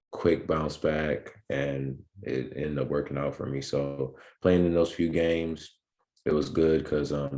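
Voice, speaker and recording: Young man, extremely low voice, laid-back storyteller, lots of ums, podcast guest. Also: warm tone. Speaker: podcast guest, pro basketball player. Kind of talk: casual interview storytelling.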